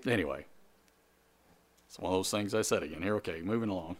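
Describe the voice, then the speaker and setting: A man preaching a sermon to a congregation in a conversational way, with jokes, quick asides and repeated phrases. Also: sits low. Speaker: pastor.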